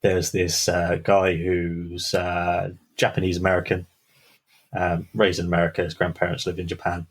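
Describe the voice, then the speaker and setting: A man with a low, deep voice that has a husky edge. He tells a spooky tale in a casual way. He drops to a hush and pauses to build suspense. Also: monotone, poor audio. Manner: dramatic pauses, hushed build-ups. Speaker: podcast co-host. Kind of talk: casual storytelling.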